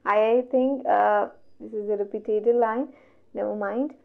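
A woman with an Indian English accent teaches an online exam revision lecture, working through questions step by step and posing questions to herself that she then answers. Her medium-pitched voice is slow and steady, with vocal fry, and the audio is dull and lo-fi.

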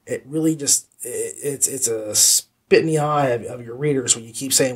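A man's voice: medium pitch, fairly quick, hardly any pauses, breathy edge. A man hosting a podcast, giving a casual spoken review of an audiobook, enthusiastic and rambling, often repeating words for emphasis. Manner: rambling, conversational asides.

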